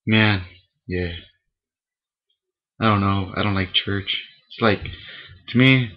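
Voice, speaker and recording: A man's voice: fairly low pitch, muffled recording. A young man in a casual, rambling and profane webcam rant from a room at home. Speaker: vlogger. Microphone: webcam microphone.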